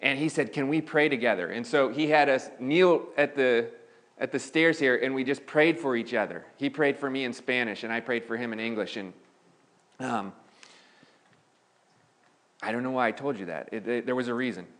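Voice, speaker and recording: In a church sanctuary, a man with a medium-pitched, fairly bright voice preaches at normal speed. His style is relaxed and conversational, with many restarts and a rising emphasis on the points that matter most.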